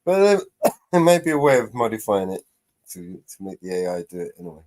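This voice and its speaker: A man's voice: on the low side, sing-song, brisk, a little mellow. A man hosting a live-stream panel in casual chat, laughing often and stumbling over his words. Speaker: panel show host.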